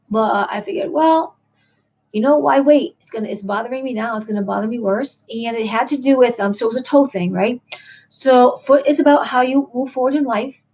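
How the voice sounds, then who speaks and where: A slightly high, slightly mellow female voice belongs to a middle-aged livestream host. Late at night, she rambles casually and replies to her chat viewers.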